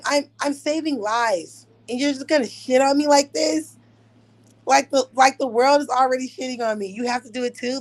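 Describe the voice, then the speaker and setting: Profane young woman ranting animatedly. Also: high voice. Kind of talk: casual storytelling rant.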